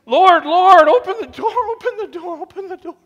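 Man voicing a desperate latecomer, frantic, pleading, high strained pitch, long sanctuary reverb. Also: moderate pace, a bit bright, highs cut off. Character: desperate latecomer begging at a shut door.

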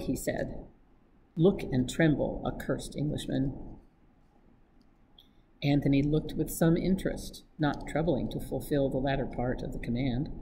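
A woman reading a novel aloud in a steady, even narration, over a noisy recording. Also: low voice. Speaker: staff reader.

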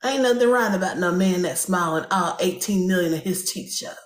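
A woman's voice: on the low side, brisk, echoey room. Woman ranting profanely on a live stream. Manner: profane, insulting, dramatic rant. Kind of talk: comedic ranting livestream.

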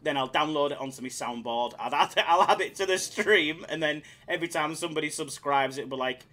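A man's voice: a little high, a little fast, pushed and bright. A man with a Yorkshire accent hosting a live slots stream, chatting and joking casually with viewers. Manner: chatty, jokey, laughs often.

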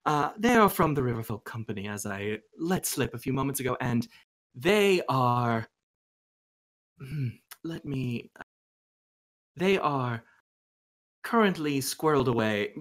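A man's voice: medium pitch, animated, fairly bright tone. A man putting on a haughty artist. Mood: evasive. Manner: haughty, theatrical, halting. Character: pompous, disdainful male artist creature.

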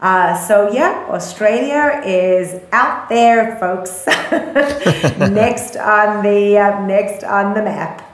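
A woman's voice: mid-range voice, extremely slow, reverberant. A woman with a South African accent co-hosting a casual news podcast, chatty and full of ums, laughing easily. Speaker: podcast co-host.

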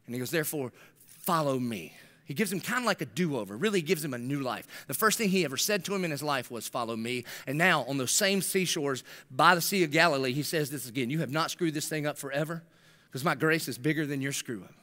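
A man's voice: on the high side, lively intonation, fast, sharp tone. A middle-aged man preaching a sermon, telling stories animatedly and acting out the voices in them with slangy jokes. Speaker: pastor.

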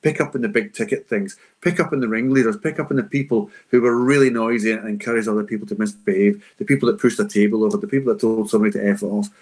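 A man's voice: fairly low pitch, fairly even intonation, quick pace, hardly any pauses, darkish tone. Emphatic man giving advice. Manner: emphatic and conversational, acting out classroom lines. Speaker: school behaviour adviser answering teachers' questions. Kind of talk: unscripted Q&A advice for teachers.

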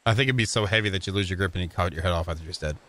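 A man's voice: low voice, very fast, a bit bright. A young man playing a game with a friend, chatting casually, often stumbling and restarting his sentences. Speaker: co-player. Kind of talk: casual gameplay chat.

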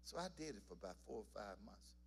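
A man's voice: lowish voice, expressive, fast talker, creaky, slight background noise. A church singer telling his testimony to the congregation in a folksy storytelling manner. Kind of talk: spoken testimony in a worship service. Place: church sanctuary.

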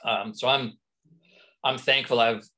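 A man from Canada, an actor and comedian, telling lively anecdotes as a guest in a casual interview. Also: mid-range voice, unhurried.

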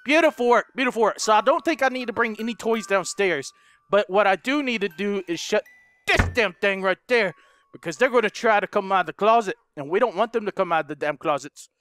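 A young man giving frantic let's play commentary, yelling, swearing and laughing at the game as he plays. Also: high-pitched, expressive, a little fast, a little hiss or hum. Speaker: gaming YouTuber.

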